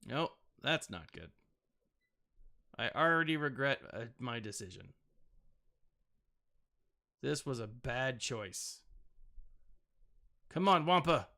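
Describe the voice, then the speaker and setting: A man's voice: medium pitch, sing-song, slow pace, vocal fry, pauses often, sharp tone. A man in his thirties, a gaming channel host, giving casual, rambling gameplay commentary with self-mocking asides and playful sound effects.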